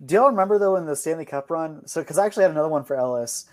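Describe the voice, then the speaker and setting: Fast-talking man on a sports podcast. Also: fairly high pitch, expressive, darkish tone. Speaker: podcast co-host. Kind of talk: casual chat.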